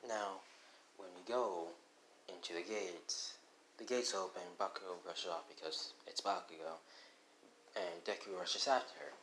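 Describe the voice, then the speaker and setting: A man's voice: sits low, steady tone, measured pace, a bit bright, poor audio. A young man casually retelling his own fan fiction at a home microphone, rambling offhandedly and cutting himself off mid-sentence. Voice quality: rambling, offhand, self-interrupting. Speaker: fan storyteller. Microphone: home microphone without headphones. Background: faint background noise.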